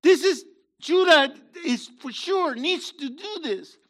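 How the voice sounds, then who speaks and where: A man preaching a sermon in a theatrical way, acting out voices and swinging from shouts to hushed asides. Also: very high-pitched, lively intonation, takes it slowly.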